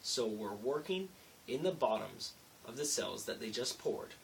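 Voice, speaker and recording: Tired young vlogger rambling late at night, a bit far from the mic with light hiss. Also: male voice, medium pitch, very animated, unhurried, gravelly. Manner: rambling, self-mocking, restarts and asides. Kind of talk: casual late-night storytelling vlog.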